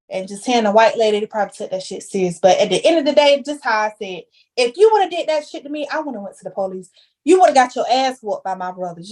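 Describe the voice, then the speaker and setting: A young woman talking candidly as a podcast guest, telling her story with heavy slang and emphasis. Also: a little high. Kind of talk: casual chat.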